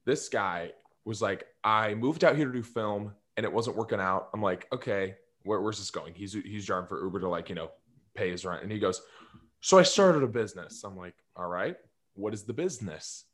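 A man's voice: lowish voice, moderate pace, fairly bright tone. A young man co-hosting a casual podcast chat, laid-back and swearing freely, laughing as he tells stories. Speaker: podcast co-host.

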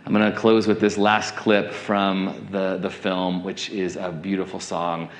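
A middle-aged man preaching a sermon, telling a personal story in an animated way and acting out the voices of people in it. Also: deep voice, unhurried, reverberant. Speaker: pastor. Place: church sanctuary.

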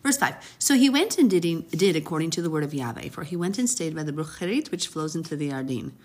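A woman reads scripture aloud and breaks off into heartfelt, conversational commentary. Her voice sits a little low, with a soft, breathy edge. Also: sing-song, fast. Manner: warm, chatty, reads scripture with brief emotive asides. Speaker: Bible teacher. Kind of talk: casual Bible reading and commentary.

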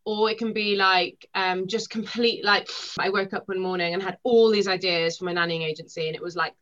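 A young woman, a podcast guest, talking quickly and animatedly, acting out the things people said. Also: medium pitch. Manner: rapid, animated storytelling with acted-out quotes. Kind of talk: podcast conversation. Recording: dull lo-fi sound.

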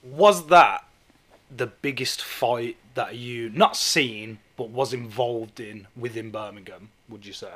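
A man's voice: mid-range voice, slow, a bit bright. A man hosting a casual interview chat and asking short follow-up questions. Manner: brief prompts and reactions.

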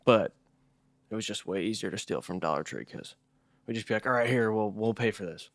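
Male podcast co-host, lowish voice, casual swearing storyteller, dry booth sound. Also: a little fast, dry recording. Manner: laid-back storytelling, heavy swearing, says dude a lot. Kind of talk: casual chat.

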